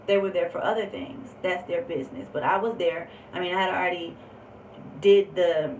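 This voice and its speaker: A woman's voice: lowish voice, normal speed, darkish tone. A woman telling a personal story on a vlog, candid and emphatic, with lots of fillers. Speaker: vlogger. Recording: roomy echo, distant mic, faint background noise.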